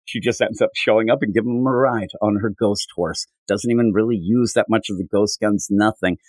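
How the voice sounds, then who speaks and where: A man's voice: fairly low pitch, no echo, rough recording. A man co-hosting a podcast, reviewing comics in casual chat and acting out characters' lines. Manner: animated, acts out characters' lines in quick voices. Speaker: podcast co-host.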